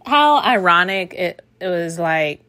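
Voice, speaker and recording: Quick, sardonic woman podcast host. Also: lowish voice, expressive, sharp tone, no echo. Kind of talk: casual commentary.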